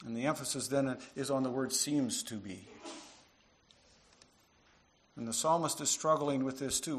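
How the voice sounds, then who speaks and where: A man preaching a sermon to his congregation, earnest, dropping to quiet asides and rising into emphatic passages. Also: medium pitch, brisk, few pauses. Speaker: pastor.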